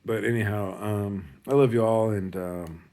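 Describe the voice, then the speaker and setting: A man's voice: lowish voice, fairly even intonation, normal speed, dark tone. A man giving a rambling, profane pep talk in a casual monologue. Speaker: motivational speaker.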